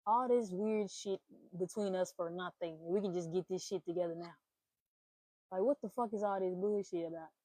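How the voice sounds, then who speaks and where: A young woman hosting a casual talk stream, giving blunt, profane relationship advice in an animated rant. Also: lowish voice, normal speed, dry recording. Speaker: host.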